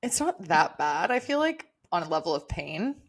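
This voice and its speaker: A woman's voice: on the low side, big pitch swings, normal speed. A woman co-hosting a podcast, reacting and chatting casually with her co-host. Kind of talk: casual chat.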